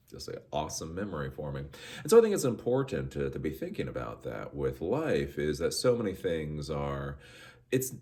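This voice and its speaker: A man's voice: low voice, darkish tone. A man hosting a podcast, telling a rambling story in a casual monologue with frequent restarts. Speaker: podcast host.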